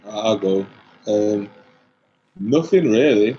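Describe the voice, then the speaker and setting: A Mancunian man talks easily as a guest on a live podcast. His voice is very low. The recording sounds dull and lo-fi, with faint noise underneath. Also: animated, slow pace, dark tone. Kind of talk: casual chat at a live podcast.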